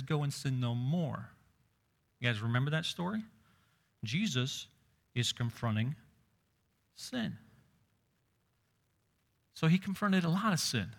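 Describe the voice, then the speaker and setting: A man's voice: a little high, fairly bright tone. A man preaching a sermon in a conversational way, raising his voice when quoting scripture.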